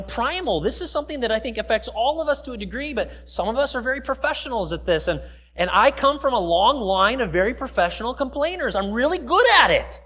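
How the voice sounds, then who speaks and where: A man with a very high-pitched voice delivers a sermon in a church. His preaching is conversational and down to earth, and he slips into the voices of the people he quotes. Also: a bit bright, slightly rough. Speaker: pastor. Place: church sanctuary.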